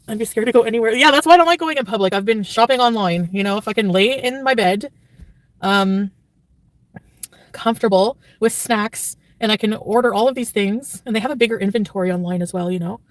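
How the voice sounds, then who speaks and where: A woman's voice: mid-range voice, fast, dry recording, far from the mic. A woman livestreamer chatting casually and reading her chat, rambling with constant filler words and turning blunt and profane. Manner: blunt and profane when annoyed.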